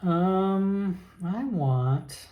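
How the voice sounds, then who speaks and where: A man narrating a solo tabletop game, thinking aloud with frequent pauses and restarts. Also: sits high, lively intonation, dark tone, reverberant.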